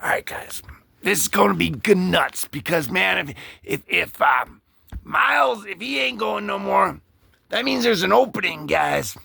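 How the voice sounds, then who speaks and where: A man hosting a casual comic book read-through, joking and rambling as he voices the characters in quick asides. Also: high-pitched, animated, gravelly, pushed and bright, husky, dry recording. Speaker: comic book channel host.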